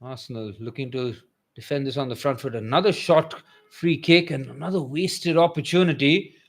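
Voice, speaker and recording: A young man giving excitable live match commentary for a fan watchalong, swinging from calm play-by-play to loud bursts. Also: mid-range voice, moderate pace.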